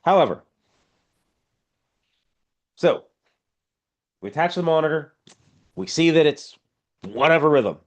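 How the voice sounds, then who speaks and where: A man's voice: on the high side, lively intonation, takes it slowly, pauses often. A man teaching an online EMS class in a blunt, informal and emphatic way, heard over a video call. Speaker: EMS instructor. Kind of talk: casual online class lecture.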